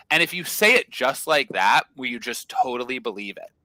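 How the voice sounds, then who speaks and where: A man's voice: medium pitch, expressive, moderate pace, pushed and bright, no room sound, rough recording. A young man talking bluntly and confidently in a casual podcast chat, swearing freely. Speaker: podcast guest.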